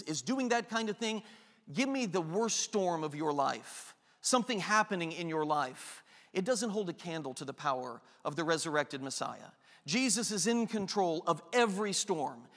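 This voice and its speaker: A man preaching a sermon to his congregation, animated and acting out the lines he quotes. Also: high voice. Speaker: pastor. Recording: reverberant hall.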